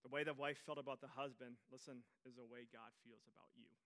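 Bright-voiced pastor with sweeping dynamics. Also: male voice, mid-range voice, steady tone, fairly quick. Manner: dynamic, swings from loud bursts to hushed near-whispers; tells stories and acts out quoted voices. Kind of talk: sermon.

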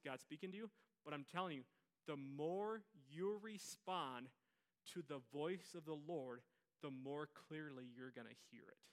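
A pastor from Minnesota preaching in a conversational, animated way with self-mocking humor. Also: male voice, a little high. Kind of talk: sermon storytelling.

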